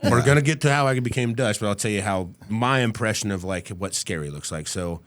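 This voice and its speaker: A man's voice: on the low side, brisk, fairly bright tone. A middle-aged man, a podcast guest, telling a story casually and vividly, acting out the people he quotes and swearing freely. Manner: casual and profane.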